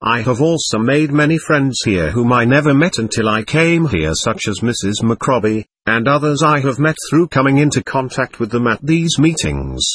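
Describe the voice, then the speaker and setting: An outspoken, affectionate mother spirit speaks from the other side, as read by a man. The voice is husky, with lively pitch. The sound is dry and close. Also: normal speed, few pauses, no room sound. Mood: tender.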